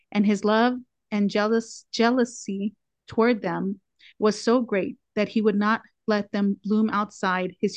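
A woman's voice: medium pitch, a little mellow, no room sound. A woman in a prayer group, earnestly sharing reflections and reading devotional passages aloud over a video call. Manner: earnest, reflective, with frequent restarts.

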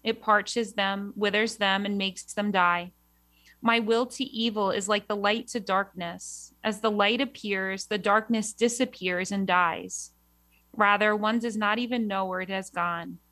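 A woman from New York, a religious sister, chatting with a laugh and then reading aloud in a measured devotional way. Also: medium pitch, fairly bright tone, no room sound.

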